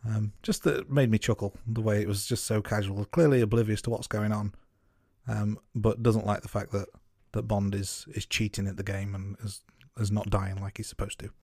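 A man co-hosting a casual film review podcast, talking in a relaxed, thoughtful way with many fillers and restarts. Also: fairly low pitch, normal speed, no room sound, clean studio sound.

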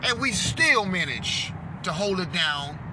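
A man hosting a political commentary show, ranting in a loud, profane, combative and preachy way from inside a car. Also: high-pitched, sing-song, takes it slowly, background noise.

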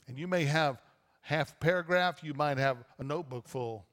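Male pastor, conversational sermon delivery, somewhat high pitch, long church-hall reverb. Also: moderate pace, a bit bright. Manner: conversational preaching with repeated restarts. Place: church auditorium.

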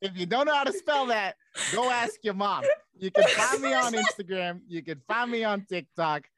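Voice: mid-range voice, moderate pace, very noisy. A podcast co-host joking through sign-offs, then reading a scripted outro. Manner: jokey, then steady scripted read.

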